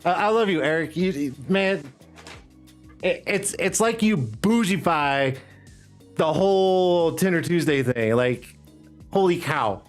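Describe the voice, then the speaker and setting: A man's voice: a little high, lively intonation, slow pace. A man hosting a casual live stream, rambling and hyping up his chat with lots of "uh"s and laughs. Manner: loose, rambling, hype talk with frequent "uh" and laughs. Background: faint background music.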